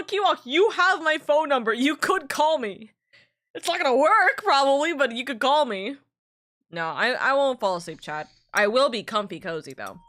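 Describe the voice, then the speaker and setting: A VTuber streamer chats casually on a live stream in a high-pitched, fairly bright voice. She rambles, breaking in on herself with asides, while reading out and thanking messages from chat.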